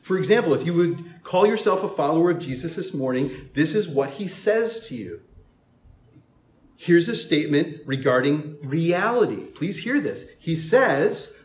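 A man preaching a sermon as pastor, emphatic and animated, with playful asides to the congregation. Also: fairly high pitch, unhurried, reverberant.

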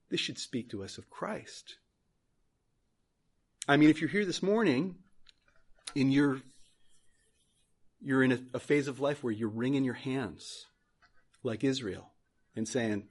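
A man's voice: mid-range voice, slow pace, long pauses, breathy edge. A male pastor preaching a sermon in church, earnest, repeating phrases for emphasis.

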